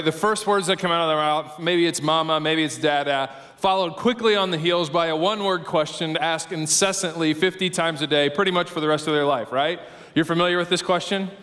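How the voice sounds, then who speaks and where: A middle-aged man preaching a sermon as pastor, telling stories in an animated, conversational way with frequent asides. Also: on the high side. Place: church auditorium. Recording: long hall reverb.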